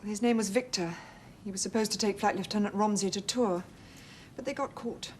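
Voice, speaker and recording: Actress playing an anxious, earnest wife. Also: female voice, mid-range voice, fairly quick, darkish tone, a little hiss or hum, close to an everyday voice. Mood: helpful. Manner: earnest, emotional, insistent. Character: anxious wife, troubled by past betrayal.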